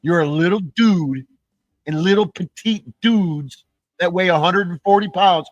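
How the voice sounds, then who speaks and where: A man's voice: high-pitched, unhurried, no echo, muffled recording. A man ranting on his own channel, profane and taunting, mocking the people he calls out. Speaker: YouTuber. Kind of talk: angry ranting vlog.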